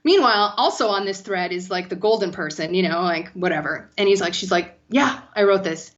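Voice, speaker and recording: A woman guest telling animated, profane stories in a casual podcast chat, peppering her talk with "like.". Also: on the low side, a little fast, lo-fi sound. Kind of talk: casual storytelling.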